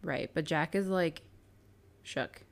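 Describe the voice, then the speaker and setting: Young female co-host, very low voice, relaxed and agreeable, casual recap chat. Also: slow pace, creaky. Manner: easygoing, agreeable, chatty. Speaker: podcast co-host.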